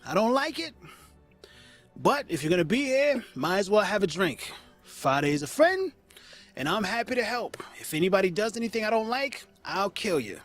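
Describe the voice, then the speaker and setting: Man doing a brash high-voiced barkeep woman. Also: big pitch swings, normal speed, soft background music. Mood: gruff. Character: tough female barkeep, blunt and threatening.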